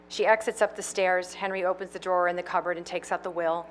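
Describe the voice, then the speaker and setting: A woman reading the stage directions of her own play aloud in a measured, matter-of-fact way. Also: on the low side, flat delivery. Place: conference reading.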